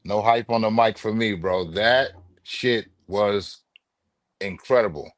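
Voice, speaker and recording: A man's voice: fairly low pitch, slow, dry recording, studio quality. A man chatting casually on a video call, laid-back and full of slang like bro and man. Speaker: podcast guest. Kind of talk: casual chat.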